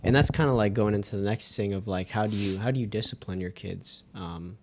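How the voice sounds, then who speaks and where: Deep-voiced young male host. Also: fairly quick, noisy background. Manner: soft-spoken, frequent affirming murmurs. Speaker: podcast host. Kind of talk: conversational interview.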